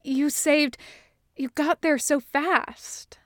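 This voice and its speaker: A trembling young man weighed down by guilt, read by a woman, barely above a breath. The voice is clear and high for a man, and it moves slowly. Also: little pitch movement, no room sound, studio quality. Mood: hushed guilt. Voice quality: breathy, hushed.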